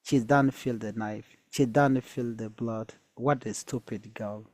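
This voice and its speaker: A man's voice: medium pitch, steady tone, unhurried, a little mellow, no echo, close to an everyday voice. A man reading a folktale aloud who voices a lazy, selfish young girl making demands of her sister. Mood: spoiled demanding. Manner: demanding, sneering.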